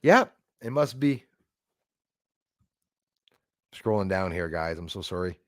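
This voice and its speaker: A man's voice: low voice, animated, normal speed, dry recording. Brief: male livestream host, rambling and chatty, dry close mic. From Canada. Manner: rambling, chatty, thanks viewers by name. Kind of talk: casual livestream chat.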